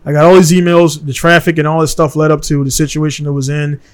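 A man's voice: a little high, level tone, quick pace, clean tone. A man from Baltimore hosting a casual podcast conversation in a studio. He talks in a blunt, heated way and keeps tossing in "man". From Baltimore, USA.

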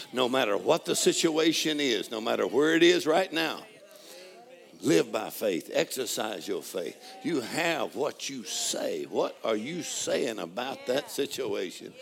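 Gravelly-voiced man preaching with fervor. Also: lively intonation, a little slow. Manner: call-and-response preaching, swings from low murmurs to shouted praise. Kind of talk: sermon.

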